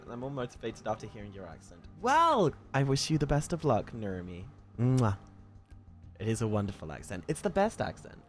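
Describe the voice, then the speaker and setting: A man with a British accent chatting casually with his live-stream viewers in a playful, teasing way, swearing and laughing often. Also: mid-range voice. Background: faint lo-fi music.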